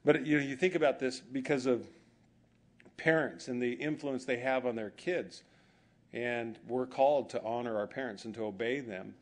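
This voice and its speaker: A man's voice: mid-range voice, normal speed. A male pastor preaching a sermon in a church, telling humorous stories and acting out bits of dialogue. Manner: storytelling with humor, acts out quoted dialogue.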